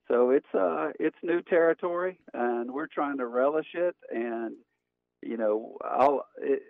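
A man calls in over a thin, phone-like line, the sound dry with no room around it. He tells stories in a relaxed, plainspoken way, like a pastor chatting with old friends. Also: mid-range voice, dry recording. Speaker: pastor, guest.

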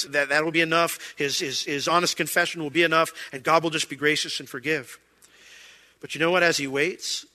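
Male pastor, conversational sermon, somewhat high, very bright forceful tone. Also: long reverb tail. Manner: conversational, acts out quoted voices.

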